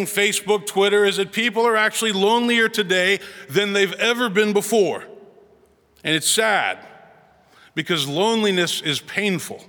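A man's voice: high voice, bright, forceful tone. A man preaching a Christmas sermon in a church sanctuary, earnest and storytelling, often stumbling over repeated words. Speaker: pastor. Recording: long hall reverb.

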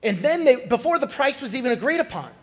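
Male pastor, high voice, lively storytelling preacher, recorded in a reverberant church hall. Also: fast talker. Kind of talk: sermon. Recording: echoey hall with long reverb.

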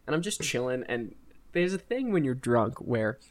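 A man's voice: mid-range voice, moderate pace. Young man telling a rambling story. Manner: rambling, laughing, animated retelling. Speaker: podcast host. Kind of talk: casual storytelling chat.

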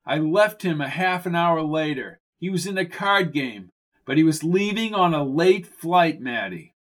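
Calm, patient handyman, read by a man; matter-of-fact and reassuring, audiobook. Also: fairly high pitch, unhurried.

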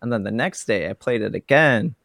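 Gravelly low-voiced man chatting. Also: lively intonation, fairly quick, fairly bright tone, dry recording, studio quality. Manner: rambling storyteller with fillers. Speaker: podcast co-host. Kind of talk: casual chat.

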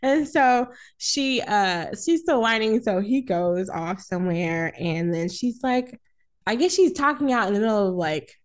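Animated woman recapping a movie. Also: mid-range voice, unhurried. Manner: animated, laughs often, acts out lines with voices. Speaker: podcast co-host. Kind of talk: casual chat recapping a film.

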